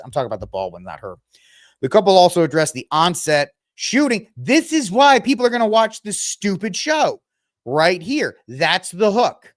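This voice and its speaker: A male podcast host with a lively, swooping voice that sits a touch high for a man, talking in a sarcastic and mocking way and slipping into put-on voices. His close-miked sound is dry, with no room around it. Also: normal speed, no room sound. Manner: sarcastic, animated, mocking voices when quoting. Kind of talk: casual commentary podcast.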